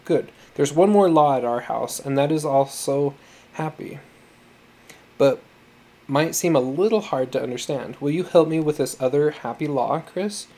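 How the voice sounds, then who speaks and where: A man reading the part of a tender, patient foster mother who speaks gently and coaxingly. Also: on the high side, normal speed. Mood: gentle.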